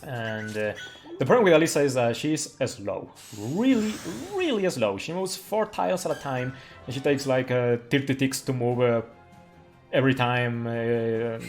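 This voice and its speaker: A man giving casual live commentary on his speedrun of a game, chatty, full of fillers and quick laughs. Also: medium pitch. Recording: faint music behind. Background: faint game music.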